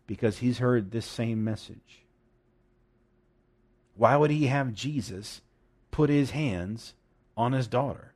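A man's voice: medium pitch, slow pace, pauses often, darkish tone. A man preaching a sermon, reading scripture and explaining it emphatically, with jokes and asides.

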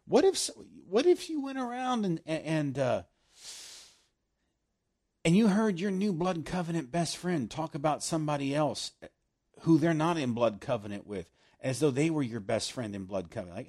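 A man preaching a sermon, swinging from loud emphasis down to hushed, almost whispered lines. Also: fairly high pitch, animated, moderate pace.

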